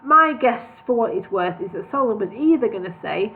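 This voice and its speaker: A woman's voice: medium pitch, animated, fairly quick, hardly any pauses. A woman reading a parody storybook aloud on a livestream, with wry, chatty asides. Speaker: reader of a parody book. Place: home, livestream. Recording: tinny phone-like audio.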